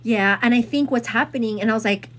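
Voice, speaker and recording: A woman host retelling a story in casual chat, rambling and animated, with lots of fillers. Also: on the high side, fast talker, a little hiss or hum.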